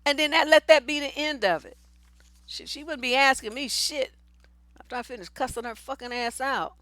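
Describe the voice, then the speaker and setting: A woman relationship coach delivers advice with blunt, profanity-laced emphasis. Her voice sits high and sounds sharp and forceful. The recording is dry and close. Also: normal speed, dry recording. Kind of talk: livestream advice show.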